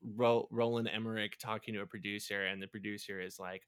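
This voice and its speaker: A man hosting a podcast, telling a movie story in casual, animated chat and laughing as he goes. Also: fairly low pitch, fast talker, few pauses, smooth, no room sound. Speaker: podcast host.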